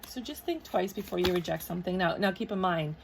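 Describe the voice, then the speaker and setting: A woman giving a casual tarot reading, chatty and animated, sleepy late at night. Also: fairly low pitch, fast, slight background noise. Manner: chatty, animated, acts out quoted voices. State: sleepy, delirious before bed. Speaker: tarot reader.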